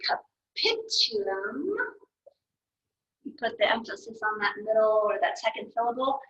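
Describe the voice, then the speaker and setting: Woman anatomy teacher, bright, slightly high voice, self-correcting, muffled lo-fi recording. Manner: patient, thinking aloud, corrects herself. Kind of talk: explaining anatomy while drawing. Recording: dull lo-fi recording.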